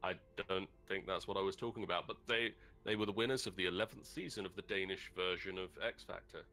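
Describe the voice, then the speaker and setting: Deep-voiced and quick, a man co-hosts a livestream, chatting casually and retelling a joke as he searches things up online. His manner stays relaxed throughout.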